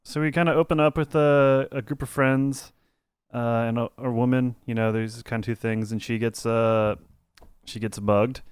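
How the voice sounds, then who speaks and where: A man's voice: mid-range voice, steady tone, moderate pace, smooth, dry recording, clean studio sound. A young man co-hosting a film podcast, chatting loosely and rambling, laughing easily. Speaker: podcast co-host. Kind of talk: casual film review chat.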